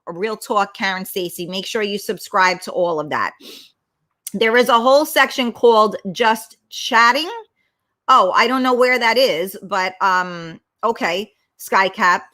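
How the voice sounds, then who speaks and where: Blunt, bright-voiced woman host. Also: a little high. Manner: blunt, swears freely, animated and emphatic. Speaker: talk show host. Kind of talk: casual livestream chat reading comments.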